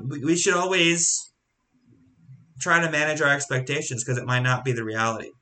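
A man leading a Bible study in a halting, conversational way, full of restarts and rhetorical questions. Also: fairly high pitch, sharp tone. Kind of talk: casual Bible teaching.

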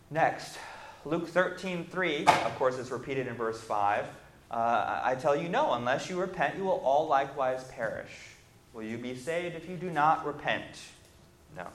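A man preaching a Bible lesson, reading scripture aloud and then explaining it, building emphatic lists and pausing on fillers as he thinks. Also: mid-range voice, fairly bright tone, a little hiss or hum. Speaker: preacher teaching on repentance. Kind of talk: Bible class sermon. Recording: echoey room.

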